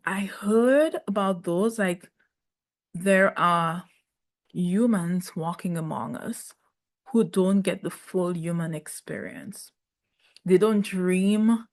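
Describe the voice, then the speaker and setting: A woman reviewing a reality show in casual commentary, sassy and animated, laughing often. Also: mid-range voice.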